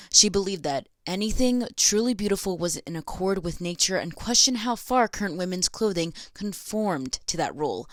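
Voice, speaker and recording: A woman's voice: lowish voice, no room sound, studio quality. A young American woman hosting a casual educational vlog, sarcastic and chatty, laughing between lines. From United States. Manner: sarcastic, giggly, chatty asides. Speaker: video essay host.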